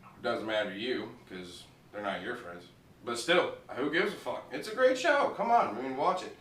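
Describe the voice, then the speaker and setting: A man reviewing a TV show talks at normal speed in a mid-range, slightly bright voice with big pitch swings. He rambles casually, curses freely and laughs at his own jokes. The clip sounds echoey and far from the mic, with faint noise.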